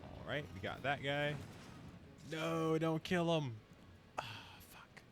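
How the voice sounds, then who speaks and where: A man's voice: on the high side, animated, slow, a little hiss or hum. A man streaming a game, chatting casually with viewers and laughing often. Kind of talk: casual live-stream chat.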